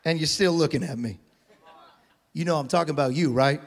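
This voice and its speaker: A male pastor preaching a sermon with call-and-response, building up to shouts. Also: on the high side, a little fast, gravelly, background noise. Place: large church hall. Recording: long hall reverb.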